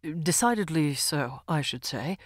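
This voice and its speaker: Lady doing a jumpy nervous secretary guy, lower voice, stammers and hedges, dry sound. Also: expressive, unhurried, no echo. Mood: flustered. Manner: hesitant, stumbling over fillers. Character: nervous evasive male secretary, flustered and stammering. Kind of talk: audiobook character voice.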